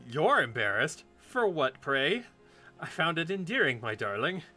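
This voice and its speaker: Man voicing a courtly young suitor, formal archaic phrasing, tender, bright clear voice. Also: fairly high pitch, sing-song, unhurried, faint music behind, heavily acted.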